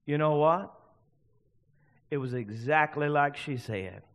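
A man preaching a sermon as pastor, swinging between loud fervent bursts and hushed passages. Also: fairly high pitch, slow pace, dull audio.

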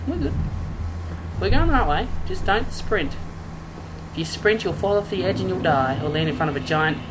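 Excitable gamer yelling through gameplay. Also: mid-range voice, moderate pace, slight background noise, rough recording. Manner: excitable, yelps and shouts at the game; sarcastic, joking asides to viewers. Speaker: let's play gamer. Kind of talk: live gameplay commentary.

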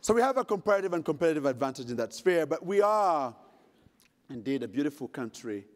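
In a large conference hall, a middle-aged Ugandan man races through his keynote in a very animated voice on the high side. Dramatic and funny, he tells a story and addresses the audience head-on, all under long hall reverb.

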